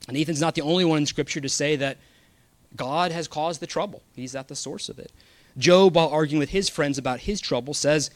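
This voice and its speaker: A man's voice: mid-range voice, no echo. A man preaching a sermon, earnest and emphatic, reading scripture aloud.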